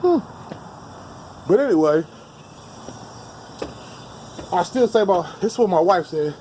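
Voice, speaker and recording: Man with a high voice, blunt profane outdoor rant, street slang, faint traffic noise behind. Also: lively intonation, normal speed, a little mellow. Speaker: vlogger. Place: outdoors on steps.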